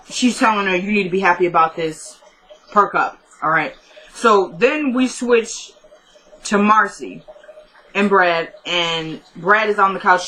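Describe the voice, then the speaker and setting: A woman's voice: fairly low pitch, fairly bright tone, poor audio. A woman casually recapping a TV episode, retelling each scene as quoted back-and-forth dialogue with loose fillers. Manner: loose, filler-heavy storytelling. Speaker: show recapper.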